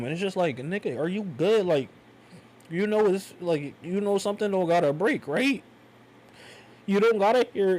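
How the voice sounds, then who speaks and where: A young man giving a loose, slangy, rambling wrestling review, animated and casual. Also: on the high side, low-quality recording.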